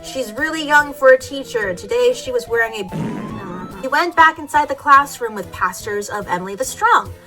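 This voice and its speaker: A woman's voice: high voice, normal speed, music in the background. Woman giving a mocking fanfic reading. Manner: deadpan over-the-top, laughing at text. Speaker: reader. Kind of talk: comedic dramatic reading of a fanfic.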